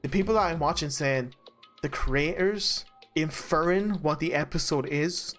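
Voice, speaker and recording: Rambling excitable young man. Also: fairly high pitch, normal speed, faint music behind. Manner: excitable, rambling, swears, laughs often. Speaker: let's play co-host. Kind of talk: casual chat over voice call. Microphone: voice chat mic.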